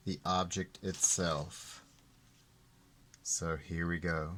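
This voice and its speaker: A man teaching art, explaining ideas slowly and deliberately and repeating the key terms. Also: sits low, a bit bright. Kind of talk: classroom explanation.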